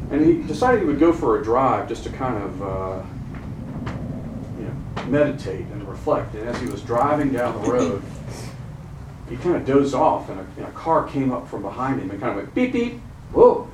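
Man preaching, middle-aged, asks the congregation questions, roomy chapel, distant mic, steady background hum. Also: mid-range voice, normal speed, pauses often. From Charlotte, North Carolina. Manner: engages the congregation with questions and call-and-response. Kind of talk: sermon.

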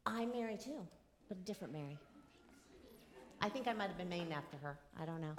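A woman in her forties giving a children's sermon, gently asking the children questions and drawing them into the story. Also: on the low side, expressive, a little fast, background noise. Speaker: children's message leader.

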